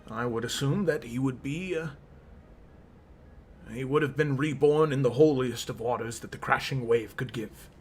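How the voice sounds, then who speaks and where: A man narrating and explaining the world as game master of a tabletop game, in a relaxed way. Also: medium pitch.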